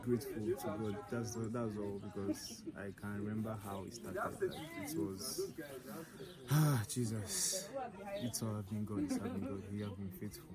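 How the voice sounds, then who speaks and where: A man's voice: on the low side, normal speed, over a noisy crowd. A young man, a medical student, speaking fervently and devoutly. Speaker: final-year medical student. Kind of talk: casual vox-pop answer.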